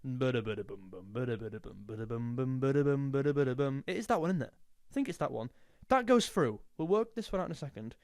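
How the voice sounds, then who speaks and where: A man's voice: high-pitched, big pitch swings, fast, gravelly, few pauses, no echo. Chatty young man, dry sound. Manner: jokey, snatches of sung lines. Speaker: music youtuber. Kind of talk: casual chat.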